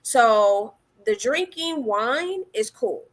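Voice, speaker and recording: A woman from the Las Vegas area chatting calmly as a podcast co-host. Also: on the high side, drawn-out words. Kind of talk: casual chat.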